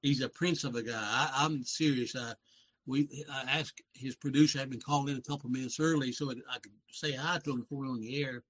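A man's voice: mid-range voice, fairly even intonation, fairly quick, fairly bright tone, slightly rough, rough recording. An older man in his seventies with a Southern accent, talking as a guest on a radio program. He rambles in a folksy way and often corrects himself. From West Virginia. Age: 70s. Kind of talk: casual talk show conversation.

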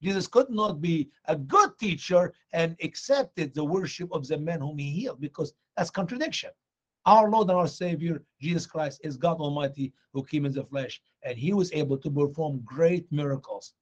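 Brief: excitable male preacher, high voice that leaps all over, acts out scenes. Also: normal speed, highs cut off. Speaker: guest preacher. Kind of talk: animated evangelistic teaching.

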